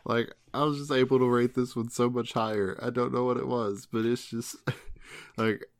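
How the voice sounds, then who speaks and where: A man's voice: mid-range voice, little pitch movement. A man co-hosting a casual chat, laughing through nearly every sentence as he retells an anime episode and acts out the characters' lines. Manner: acts out characters' lines in quick quoted voices. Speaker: podcast co-host.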